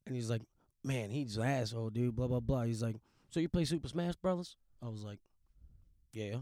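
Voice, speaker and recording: A man's voice: medium pitch, moderate pace, dry recording, studio quality. Profane man telling stories. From Louisiana. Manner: profane, blunt, animated storyteller. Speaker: podcast guest. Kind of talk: casual storytelling chat.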